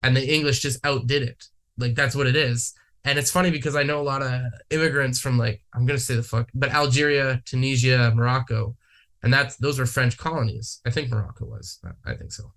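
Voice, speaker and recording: Casual podcast guy, rambles, swears freely, mid-pitched everyday voice. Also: steady tone, brisk, fairly bright tone. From Manitoba, Canada. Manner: rambling, swears a lot, many fillers. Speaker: podcast guest. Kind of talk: casual chat.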